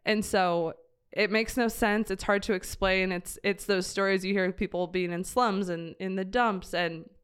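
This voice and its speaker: A woman speaks as a guest about her mission trip, offering a reflective, heartfelt testimony in conversation. She talks earnestly, with many fillers and restarts. Her voice is medium-pitched and clean, with fairly even intonation at a moderate pace.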